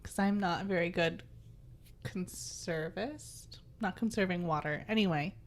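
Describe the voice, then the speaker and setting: A woman's voice: lowish voice, measured pace. A middle-aged woman co-hosting a casual podcast, joking and poking fun at herself. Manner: joking, self-deprecating. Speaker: podcast co-host. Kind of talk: casual chat.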